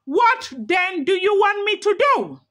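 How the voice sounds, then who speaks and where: A woman's voice: high voice, very animated, normal speed, fairly bright tone, heavily acted. A woman voicing an angry male king who scolds his elders with rhetorical questions. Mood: furious.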